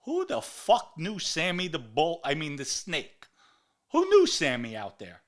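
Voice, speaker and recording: A man's voice: on the high side, wildly swooping pitch, unhurried. A middle-aged man, delivering a heated, ranting monologue and hammering his insults with repetition. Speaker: podcast host. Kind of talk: angry monologue to camera.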